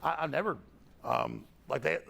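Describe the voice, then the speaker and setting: A man's voice: on the high side, normal speed, gravelly, fairly bright tone. A man answering interview questions in a defensive, rambling way and often repeating his words. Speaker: interview guest. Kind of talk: recorded interview.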